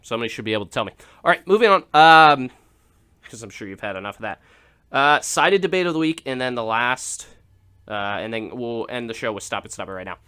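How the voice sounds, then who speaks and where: Bright-voiced joking male radio host. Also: medium pitch, animated, brisk, smooth. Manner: joking, rambling with laughs and restarts. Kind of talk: casual comedic monologue.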